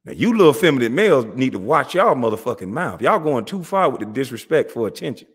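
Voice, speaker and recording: A man's voice: medium pitch, very animated, fast talker, husky. A man hosting his own channel, delivering a heated, confrontational monologue in street slang. He mocks listeners and repeats himself as he calls them out. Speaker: channel host.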